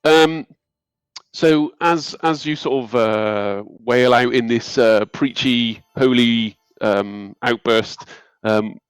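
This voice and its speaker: Game master, man, halting and relaxed, dry close sound. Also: medium pitch, clean tone, no room sound, rough recording. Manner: hesitant, many ums, relaxed. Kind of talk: narrating a tabletop game.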